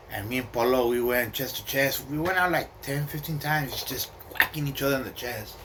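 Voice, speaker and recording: A man's voice: medium pitch, brisk, hardly any pauses, fairly bright tone, a little hiss or hum. A man telling a personal story casually, streetwise and profane, with slang and Spanish words mixed in.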